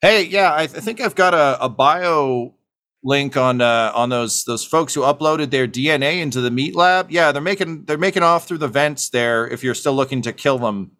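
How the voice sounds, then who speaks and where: A man's voice: medium pitch, expressive, normal speed, bright, forceful tone, pitched above the performer's own voice. A man voicing a smarmy, scheming male mad scientist who talks in chummy, wheedling patter. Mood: chipper.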